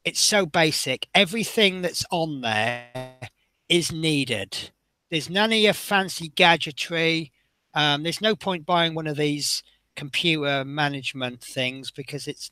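A man's voice: on the high side, fairly even intonation, normal speed, bright, forceful tone. Chatty man narrating a model build. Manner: chatty, rambling, self-interrupting. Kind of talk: casual build commentary.

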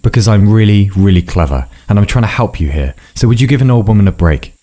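Guy reading a sardonic old woman, dry and offhand, low mellow voice, story reading. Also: expressive, quick pace. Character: sardonic, hard-drinking old woman guide.

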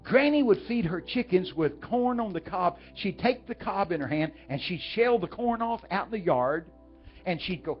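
A man's voice: high voice, lively intonation, normal speed, breathy edge, muffled recording. Texan preacher guy, folksy, keeps asking the crowd stuff, faint music under him. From Texas. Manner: folksy, talks directly to the audience. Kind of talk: storytelling sermon.

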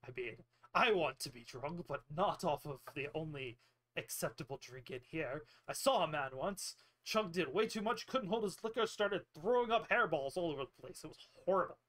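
A man voicing a nervous, fox-faced gentleman landowner who rambles fretfully in a tabletop game. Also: fairly high pitch, lively intonation, moderate pace.

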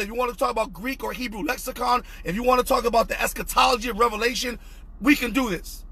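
High husky man preaching fervently. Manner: fervent, repetitive, often shouting. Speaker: pastor. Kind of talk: impassioned online sermon.

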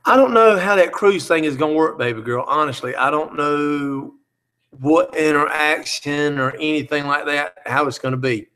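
A man's voice: fairly high pitch, normal speed, sharp tone, clear, resonant tone. A man hosting a live chat, reading out viewer comments and teasing them in a joking, easygoing way.

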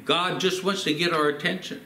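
A man's voice: a little high, fairly even intonation, a little fast, pushed and bright, reverberant, a little hiss or hum. An older man, a pastor, telling personal stories in a sermon and acting out the quotes. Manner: storytelling with acted quotes. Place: church.

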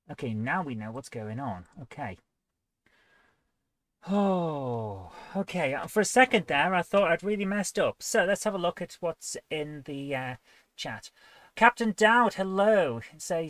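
A woman's voice: low voice, dry recording. A woman hosting a live game coding stream, chatty and playful, often joking at her own expense. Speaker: host.

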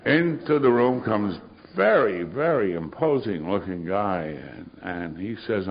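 A man's voice: sits low, lively intonation, moderate pace, creaky, few pauses, slightly rough. An older man telling his recovery story to a meeting in a wry, sardonic way with dry humor. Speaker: AA speaker. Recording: muffled recording of a live talk.

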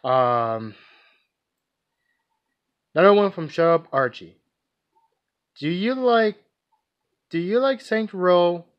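A man's voice: high voice, animated, slow pace, pauses often. A man vlogging casually, answering viewer questions in a rambling, hesitant way with many restarts and fillers. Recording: dull lo-fi recording.

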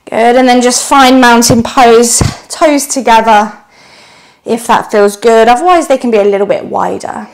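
A woman leading a yoga flow class, giving calm, encouraging cues timed to the breath and a little out of breath. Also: a little high, moderate pace. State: slightly out of breath. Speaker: yoga instructor.

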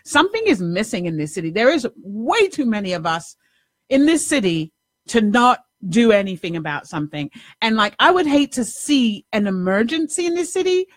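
Animated New woman telling a story. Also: fairly high pitch, no echo, studio quality. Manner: animated storytelling, swears, acts out dialogue. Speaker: life coach and show host. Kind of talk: casual monologue.

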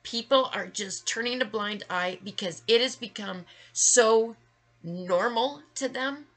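A woman's voice: on the high side, a little slow, a bit bright. A woman vlogger delivering an emotional, angry rant to the camera, emphatic and full of swearing. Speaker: vlogger sharing her story.

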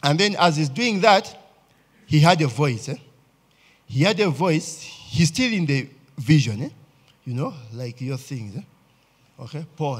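A man preaches with a Ugandan accent, his voice a little husky and pitched on the high side. He talks to the congregation conversationally, tossing in "eh?" and "okay?" to keep them with him. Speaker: pastor. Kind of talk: sermon.

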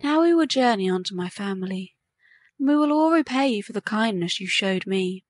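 A woman's voice: medium pitch, brisk, no echo, natural voice. Woman doing a kind little male snake. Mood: urging. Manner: calm, reassuring storybook dialogue.

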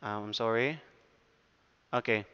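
A male teacher with a Filipino accent giving a recorded lecture, explaining slowly and often checking that students follow. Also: lowish voice, sharp tone, smooth, in a large hall, muffled recording.

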